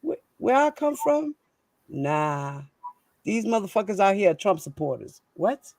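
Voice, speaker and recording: A woman's voice: medium pitch, very animated, measured pace, a little mellow, no echo. A fired-up woman speaks straight into a dry, close mic. She rants in casual street talk, swears freely and keeps throwing out rhetorical questions. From New York. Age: 40s. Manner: fiery, profane, firing rhetorical questions. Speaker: host. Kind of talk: heated casual live-stream rant.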